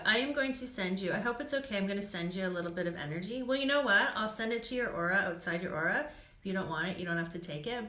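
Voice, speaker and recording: A psychic reader doing live card readings for viewers speaks in a medium-pitched, sharp-toned woman's voice. She's chatty and reassuring, laughs often, and fills gaps with "um," all in an echoey room.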